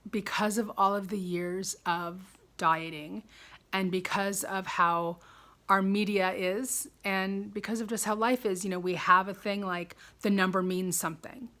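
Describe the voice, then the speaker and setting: A woman's voice: mid-range voice, fairly even intonation, measured pace, a bit bright. A woman in her fifties talking casually in a personal video diary at home, chatty and rambling, often laughing at herself. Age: 50s. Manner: chatty, rambling, self-deprecating. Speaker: vlogger.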